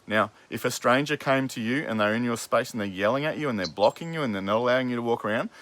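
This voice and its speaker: A man with a mid-pitched, ordinary voice arguing with his father in a heated back-and-forth. He swears freely, cuts in over the other speaker and presses his points at length. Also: fast talker, a bit bright. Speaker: podcast host. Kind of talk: heated family argument.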